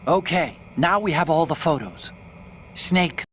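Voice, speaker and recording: A nervous young tech expert in a game, high-voiced and unhurried, fussing softly. Faint background noise sits under him. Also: male voice, expressive. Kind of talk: video game cutscene acting.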